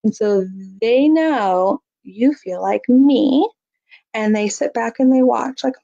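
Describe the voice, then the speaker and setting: Chatty woman with a gravelly voice. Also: fairly high pitch, slow pace, mellow. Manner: chatty, many fillers, acts out emotions in bigger voice. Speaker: parenting educator. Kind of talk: casual instructional talk. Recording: dull lo-fi audio.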